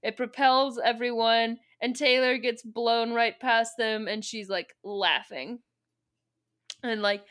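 A woman's voice: fairly high pitch, steady tone, slow pace, fairly bright tone, clean tone. A woman co-hosting a podcast, retelling a book plot in casual, chatty talk full of fillers. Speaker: podcast co-host. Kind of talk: casual book recap chat.

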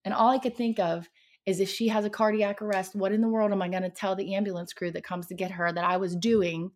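A woman's voice: medium pitch, little pitch movement, fast. A woman guest on a podcast, telling a personal paranormal story in a dramatic, vivid way.

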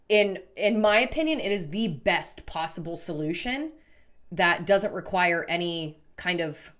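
A woman co-hosting a business podcast in casual chat, talking loosely with lots of "like" fillers. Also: lowish voice. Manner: chatty, frequent "like" fillers. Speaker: podcast co-host.

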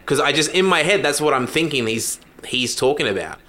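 A man's voice: fairly high pitch, lively intonation, a little fast, pushed and bright. A man with an Australian accent in a rambling casual chat, talking through stories with lots of restarts and self-deprecating asides.

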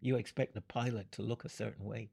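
An older man answering audience questions, explaining his points in an unhurried, halting way and chuckling between them. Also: fairly low pitch, fairly even intonation, gravelly, a little mellow, slightly rough. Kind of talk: Q and A talk.

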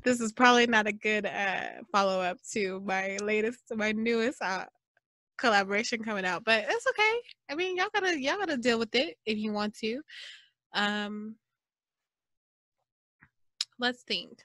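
Woman w/ doing a solo podcast, chatty and animated, bright voice, dry close sound. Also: medium pitch, moderate pace, dry recording. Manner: chatty and expressive, mock-preaching asides. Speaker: podcast host. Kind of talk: casual solo podcast monologue.

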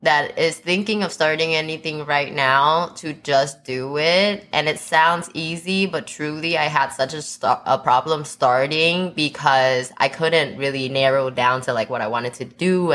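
A woman's voice: deep voice, normal speed, hardly any pauses, fairly bright tone. A woman co-hosting a podcast in a casual chat, candid and swearing freely. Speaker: podcast co-host.

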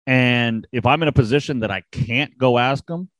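A man hosting a wrestling podcast and chatting casually, rambling quickly with self-deprecating asides. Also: medium pitch, fairly bright tone, no room sound. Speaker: podcast host and wrestling ring announcer.

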